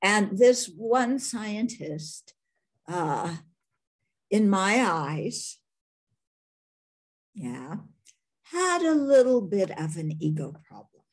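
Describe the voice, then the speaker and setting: A woman from the United States, a Buddhist nun, telling a story in a Q&A talk, thoughtful and halting with many restarts. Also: medium pitch, darkish tone, slightly rough.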